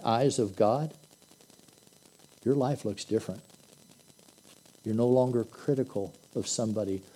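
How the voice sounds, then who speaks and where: A man's voice: lowish voice, mellow, low-quality recording. A man preaching an earnest, conversational sermon that swells into emphatic bursts. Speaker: pastor.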